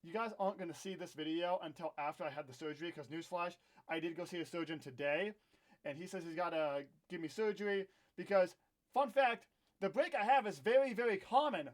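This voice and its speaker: A man's voice: high voice, fairly quick. A young man telling a candid, ranting storytime into his own camera, often poking fun at himself. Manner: candid, ranting, self-deprecating. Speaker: vlogger. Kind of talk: casual storytime vlog.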